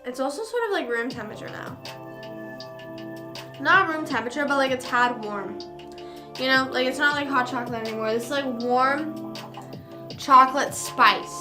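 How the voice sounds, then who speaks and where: A woman's voice: high-pitched, moderate pace, pauses often, music in the background. A young woman streamer casually telling a story, rambling with lots of fillers and casual swearing.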